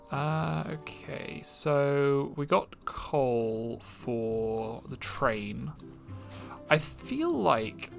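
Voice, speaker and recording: A man's voice: mid-range voice, creaky, fairly bright tone. A man casually commenting on a game as he plays, rambling with fillers and restarts. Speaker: streamer. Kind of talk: let's-play commentary.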